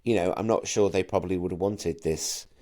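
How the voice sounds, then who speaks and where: Camp, animated man, low voice. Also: brisk. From Manchester, England. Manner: camp, animated, with stammered restarts. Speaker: guest, actor and singer. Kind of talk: casual interview chat.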